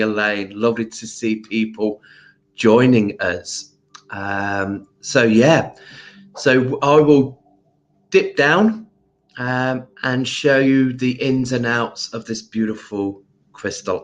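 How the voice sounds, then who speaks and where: Slow, chatty man greeting viewers. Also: fairly low pitch. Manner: slow, hesitant with frequent ums. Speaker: crystal shop livestream host. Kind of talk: casual livestream chat.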